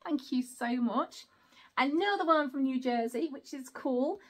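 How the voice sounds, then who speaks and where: A woman's voice: high-pitched, lively intonation, unhurried, a little mellow. A woman, chatting through an unboxing and exclaiming often. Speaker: vlogger. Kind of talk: casual unboxing chat.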